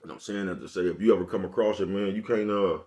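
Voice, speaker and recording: A man with a low, deep voice talks quickly and loosely straight to his audience. His street slang is laced with profanity. He keeps circling back to ask if you're following him. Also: fairly even intonation, darkish tone. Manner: repeats "you know what I'm talking about". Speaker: vlogger. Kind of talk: casual monologue to camera.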